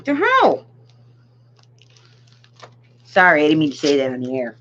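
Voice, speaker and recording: Craft vlogger, woman with a sore throat, animated and chatty, muffled home recording. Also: deep voice, unhurried. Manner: chatty, talks to viewers, laughs often. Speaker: craft shop owner and vlogger. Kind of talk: casual chat while crafting. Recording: dull lo-fi sound with faint hiss.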